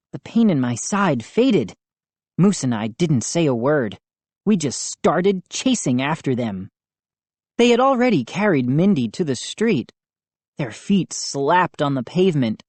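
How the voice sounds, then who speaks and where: A woman reading a first-person children's novel as an audiobook narrator, measured and expressive. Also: deep voice, no room sound.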